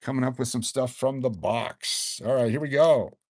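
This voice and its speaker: A man in his sixties hosting a casual live stream, excitedly reading out collectible cards and rambling into stories. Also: mid-range voice, moderate pace, dry recording, studio quality. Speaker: livestream host giving away collectible cards.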